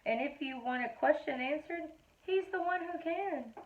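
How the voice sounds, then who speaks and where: A middle-aged woman reading funny children's poems aloud in a playful, animated storytelling manner. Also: sits high, normal speed. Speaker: reader of a children's poetry book. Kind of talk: expressive read-aloud of children's verse. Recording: tinny phone-like audio.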